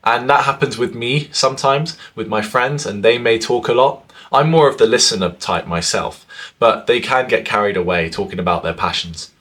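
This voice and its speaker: A young man in his twenties gives advice straight to the camera. His voice sits at a middling pitch. He speaks earnestly, with big swings in pitch and volume. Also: moderate pace, a bit bright. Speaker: vlogger giving social advice. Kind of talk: talking to camera.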